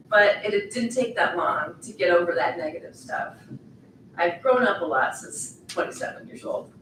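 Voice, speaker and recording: A woman's voice: medium pitch, distant mic, slight background noise. Woman speaking at a ceremony in an echoey hall. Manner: warm, playful, encouraging, talks straight to the graduates. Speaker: commencement speaker. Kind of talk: ceremony speech. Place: large event hall. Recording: echoey hall, voice heard from afar.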